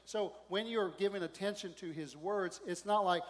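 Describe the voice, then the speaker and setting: Animated preacher man in a big hall. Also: high-pitched, normal speed, few pauses. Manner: conversational, animated, asks the congregation questions. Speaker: pastor. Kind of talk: sermon. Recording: long hall reverb.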